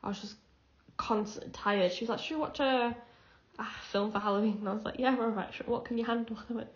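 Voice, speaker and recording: A young woman co-hosting a podcast, talking in animated, giggly casual chat. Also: a little high, quick pace. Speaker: podcast co-host. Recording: echoey room, dull lo-fi sound.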